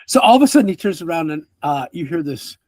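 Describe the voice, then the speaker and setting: Man, game master, high voice, rambling narration, dry close sound. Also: very animated, quick pace, darkish tone, dry recording.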